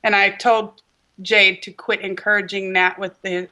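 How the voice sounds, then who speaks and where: A woman from the United States co-hosting a gaming podcast, excitable and quick to giggle. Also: medium pitch. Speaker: podcast co-host. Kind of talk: casual podcast chat.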